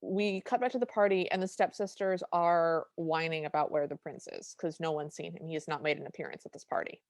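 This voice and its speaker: A woman's voice: low voice, a little fast, no room sound, studio quality. A woman co-hosting a podcast, recapping a film scene by scene in casual chat and acting out the characters' lines as she goes. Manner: animated retelling with quoted lines. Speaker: podcast co-host.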